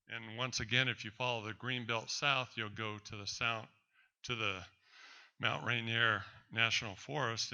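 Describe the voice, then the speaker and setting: A man's voice: mid-range voice, sharp tone. A man presenting a talk, telling a personal story in an emphatic, defiant way to an audience. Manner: emphatic and defiant, addresses doubters directly.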